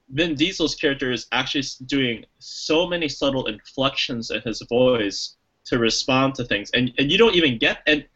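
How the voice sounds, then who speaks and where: A man co-hosting a casual podcast, talking through a film in long rambling stretches full of restarts and fillers. His voice is bright and forceful, and he slips into little acted quotes along the way. The recording sounds a bit dull and lo-fi. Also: mid-range voice. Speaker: podcast co-host. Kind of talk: casual movie review chat.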